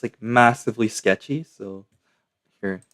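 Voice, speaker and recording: A man's voice: lowish voice, a little slow, a bit bright, a little hiss or hum. A young man from Canada, chatting casually and slangily to his live-stream chat.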